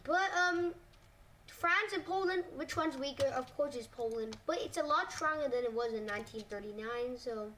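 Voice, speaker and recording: A high-pitched woman talks through a map scenario in loose, casual narration. She hesitates a lot, fills gaps with little words and corrects herself mid-sentence. She sits well away from the mic, with a faint hiss behind her. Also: expressive, normal speed, fairly bright tone, far from the mic. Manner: hesitant, full of "like" and self-corrections.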